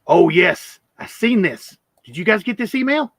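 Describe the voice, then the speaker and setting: A man hosts a relaxed live stream about coins, drifting from story to story and calling out viewers from the chat. His voice sits a bit high. The sound is close and dry, with little room around it. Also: moderate pace, no room sound. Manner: rambling, greets chat viewers by name. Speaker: host of a coin live stream.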